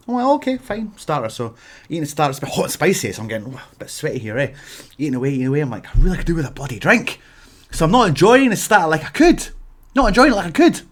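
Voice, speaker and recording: A man with a Scottish accent telling exaggerated comic rants to camera, animated and emphatic, sometimes bursting into shouts. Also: on the high side. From Scotland. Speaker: vlogger.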